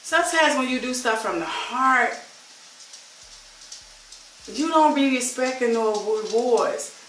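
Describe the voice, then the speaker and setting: Fifties woman vlogger with a Chicago accent, high bright voice, effusive and chatty, recorded from off-mic in an echoey room. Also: animated, takes it slowly, distant mic, slight background noise. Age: 50s. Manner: effusive, chatty, keeps saying y'all. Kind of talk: casual chat to camera.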